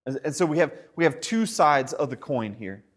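Pastor guy preaching, kinda high voice, lots of "right?" and repeated words. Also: normal speed. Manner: animated preaching, repeats words when excited, rhetorical "right?". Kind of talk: sermon.

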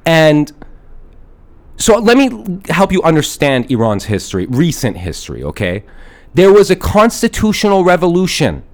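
A man with a slightly high voice that swoops up and down as he rambles through a mock-grandiose, profane comedy bit. He talks like a self-appointed sage, full of restarts and asides. He is podcasting from a studio at night. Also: wildly swooping pitch, moderate pace. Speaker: podcast host. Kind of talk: improvised comedic rant in character. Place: studio at night in a big city.

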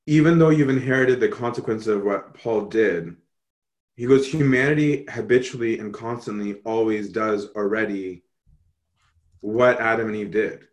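A man teaching a Bible study, answering questions in an animated way and often checking in with "right?". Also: fairly low pitch, normal speed.

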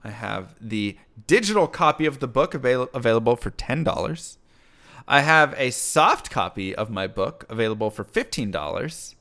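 Animated man explaining pricing psychology. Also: fairly high pitch, vocal fry. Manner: acts out shoppers' thoughts in quoted asides; mentions his own book.

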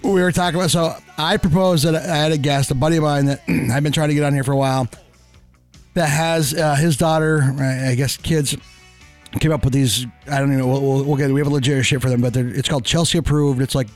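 A man's voice: medium pitch, fast, faint music behind. A man co-hosting a podcast, telling a story in casual banter, swearing freely and acting out what people said. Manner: profane, animated, acts out quoted exchanges. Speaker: podcast co-host.

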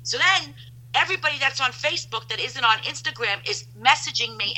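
A woman, a guest telling loud, animated stories in casual chat over a phone line. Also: sits high, brisk, breathy edge.

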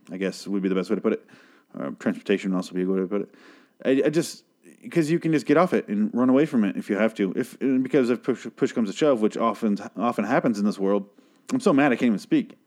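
Man with a lowish voice for a casual show recap: rambling, swears a lot, breaks off mid-sentence, laughs often. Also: expressive, brisk, darkish tone. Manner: profane, self-interrupting, laughs often.

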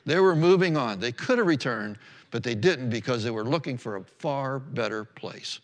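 A man's voice: medium pitch, expressive, normal speed, big-room sound. A man pastor preaching a sermon in an earnest, unpolished way, reading verses aloud and correcting himself as he goes. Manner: earnest, restarts and self-corrections, reads scripture aloud.

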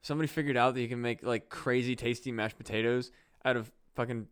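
Fast-talking, profane male podcast host. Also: medium pitch, fairly even intonation, clean tone. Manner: enthusiastic, heavy swearing. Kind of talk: casual chat.

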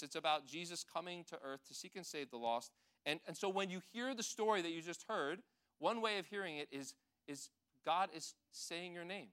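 A man giving a gentle, conversational sermon, talking to the children and the adults in the congregation. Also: a little high, clear, resonant tone. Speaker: pastor. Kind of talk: children's sermon with audience participation.

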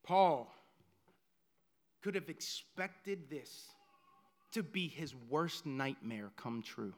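A male pastor preaching a sermon dramatically and emphatically, dropping to hushed lines and then rising to loud ones. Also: a little high, lively intonation, drawn-out words.

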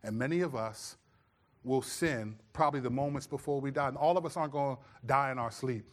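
A man's voice: mid-range voice, a little fast. A middle-aged man preaching a sermon as pastor, telling stories and acting out his own voice as a dad. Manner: animated storytelling, acts out his own scolding voice.

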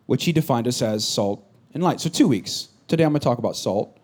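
A man's voice: mid-range voice, animated, a little fast, darkish tone. A middle-aged man preaching a sermon in a conversational, joking style, building to emphatic bursts. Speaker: pastor.

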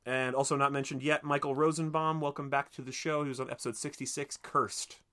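Male podcast host, mid-pitched, casual and profane, joking film talk. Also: fairly even intonation, brisk, fairly bright tone. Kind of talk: casual movie podcast chat.

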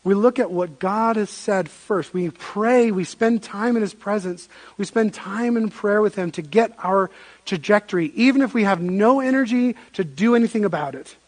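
Man, pastor, sermon, fairly high voice, lively storytelling, restarts phrases. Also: moderate pace. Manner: animated storytelling with frequent restarts.

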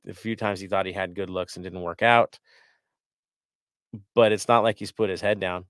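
Male host, lowish voice, dry close sound, loose and rambling delivery with plenty of fillers. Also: fairly bright tone, no echo. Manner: rambling, lots of fillers and restarts. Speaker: podcast host. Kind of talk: casual sports talk panel.

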